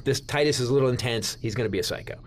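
A male comedian telling a rambling anecdote in an excitable way, with restarts, swearing and sudden high jumps when he acts out his own panic. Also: very fast. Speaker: comedian guest. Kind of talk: storytelling anecdote.

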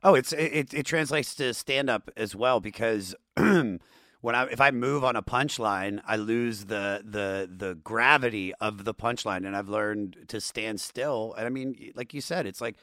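A man hosts a loose, casual chat, talking in excited, profane bursts. His voice sits in a middle range and is recorded dry and close, with no room sound. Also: fairly low pitch, a little slow, no room sound. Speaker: podcast host, comedian.

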